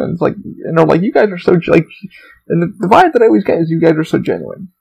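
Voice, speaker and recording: A man's voice: fairly high pitch, very animated, very fast, vocal fry, a little mellow, breathy edge, low-quality recording. A man hosting a podcast, rambling casually and profanely about his theme park job, acting out coworkers as he goes. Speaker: podcast host.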